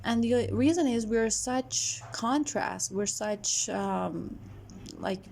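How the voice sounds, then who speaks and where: A young adult woman talking casually to camera as a vlogger, chatty and animated, with lots of fillers and restarts. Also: on the high side, takes it slowly, vocal fry, a little hiss or hum.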